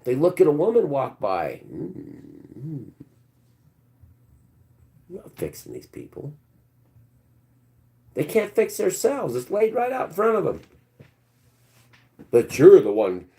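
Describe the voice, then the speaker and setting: A man hosting a live stream, preaching and ranting, swinging between loud outbursts and low mutters. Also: huge pitch swings, takes it slowly, vocal fry, pauses often.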